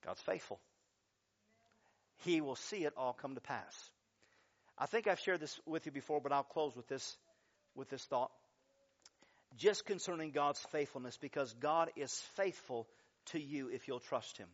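A man preaching a sermon as pastor, telling stories with lively, dramatic changes of voice when he acts out quotes. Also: moderate pace, highs cut off. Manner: animated storytelling, acting out quotes with big pitch jumps.

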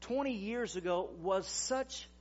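High-voiced pastor preaching a sermon. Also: male voice, a little slow. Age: 40s. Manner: conversational, swings between loud emphasis and quiet asides. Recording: dull, lo-fi recording.

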